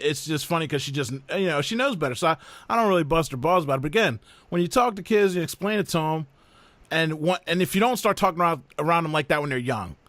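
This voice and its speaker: A man hosting a podcast, telling family stories in animated casual chat. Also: a little high, no room sound. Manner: animated storyteller who mimics voices. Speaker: podcast host.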